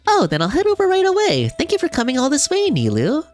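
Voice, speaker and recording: A kind, humble young leader with a soft, earnest voice pitched well up, a woman doing the voice over a faint game soundtrack. The tone stays gentle and eager to help. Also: wildly swooping pitch, quick pace.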